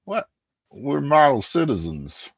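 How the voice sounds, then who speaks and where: A man voicing a scrappy young mechanic who talks in a loud, eager, excitable way. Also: medium pitch, takes it slowly, creaky, husky, no echo, highs cut off, pitched above the performer's own voice, full character voice.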